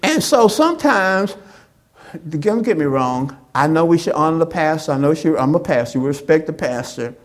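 A woman pastor preaching a sermon, acting out quoted lines with big swings in pitch and loudness. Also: expressive, normal speed.

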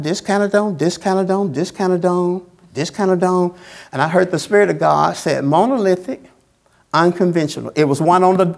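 Pastor guy preaching, gravelly voice, says the same line over and over, folksy talk. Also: high-pitched. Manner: repetitive, call-and-response preaching cadence; colloquial, folksy phrasing. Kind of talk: sermon.

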